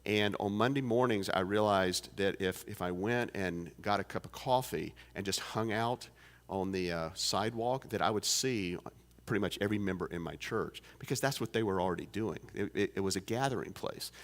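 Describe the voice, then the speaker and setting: Inside a church sanctuary with long, echoing reverb, a man in his fifties preaches at a moderate pace in a lowish voice. His folksy sermon story is full of fillers and false starts.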